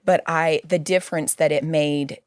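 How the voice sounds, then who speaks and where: Reflective woman host with a deep voice and a dry, close sound. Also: steady tone, normal speed, dry recording. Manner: reflective, conversational, thinks aloud. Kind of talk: casual interview chat.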